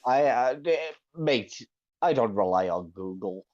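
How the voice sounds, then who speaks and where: A man's voice: fairly low pitch, lively intonation, measured pace, darkish tone. Teasing man on a dull, lo-fi mic. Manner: playful, teasing, mock-serious banter. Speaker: co-host. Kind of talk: casual chat on a livestream.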